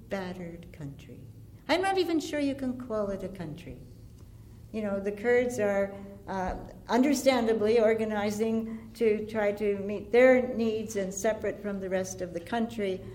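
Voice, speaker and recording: A woman giving an impassioned antiwar speech, earnest and deliberate, building her points through lists. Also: medium pitch, darkish tone, slight background noise. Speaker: antiwar activist speaker.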